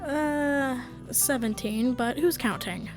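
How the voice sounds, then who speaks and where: A woman reading as a stubborn, playful ginger she-wolf in a storybook tale, speaking loudly and teasingly. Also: sits high, slow pace, music in the background.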